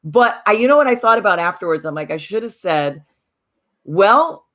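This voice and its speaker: Animated woman telling a story. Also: mid-range voice, quick pace. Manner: animated storyteller who acts out the people she quotes. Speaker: podcast co-host and mindfulness workshop teacher. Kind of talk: casual chat, storytelling.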